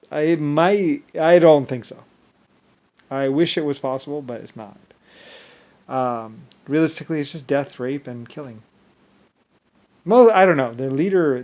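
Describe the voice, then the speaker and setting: A man's voice: medium pitch, darkish tone. A man talking in a rambling monologue, circling back with repeated filler phrases and frequent restarts.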